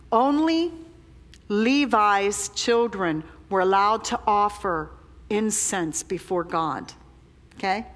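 A woman preaching a sermon, reading scripture aloud and adding her own commentary, sometimes dropping almost to a whisper. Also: medium pitch. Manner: slow, deliberate, drops to a near whisper when confessing. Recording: long hall reverb.

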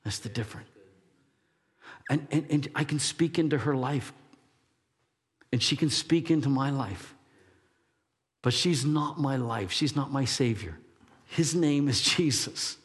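A man's voice: mid-range voice, animated, a little slow, pauses often. A middle-aged man preaching a sermon as pastor, conversational and emphatic. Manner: conversational, emphatic, self-deprecating. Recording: long hall reverb.

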